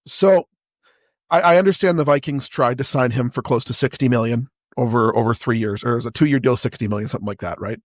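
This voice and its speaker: A man's voice: medium pitch, quick pace, no room sound, clean studio sound. A man co-hosting a podcast, bantering casually. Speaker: podcast co-host. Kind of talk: casual chat.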